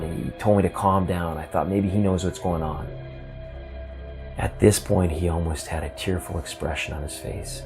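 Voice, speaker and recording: A man telling a first-person ghost story in a halting, earnest way, often repeating words as he gets emotional. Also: deep voice, steady tone, creaky, music in the background.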